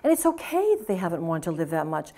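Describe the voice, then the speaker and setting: A woman's voice: on the low side, quick pace. A woman speaking at a conference, telling client stories and acting out the dialogue in them. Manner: animated, acts out the dialogue of her stories. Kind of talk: lecture storytelling. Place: conference hall.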